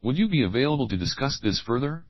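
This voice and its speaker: A man's voice: mid-range voice, animated, no echo, highs cut off. Man reading English drill questions. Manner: slow, clear drill reading, repeating each opening phrase. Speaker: English teacher. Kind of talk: reading example questions for learners.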